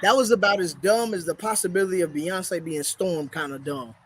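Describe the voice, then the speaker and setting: A man's voice: high voice, brisk, husky. A man co-hosting a casual podcast, ranting in a heated, profane way. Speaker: podcast co-host.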